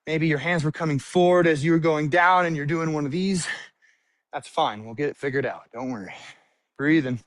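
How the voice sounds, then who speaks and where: A man's voice: fairly high pitch, normal speed, dry recording, clean studio sound. A man coaching a workout class, cueing moves and counting reps while exercising, at times out of breath. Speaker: fitness coach. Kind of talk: live workout instruction.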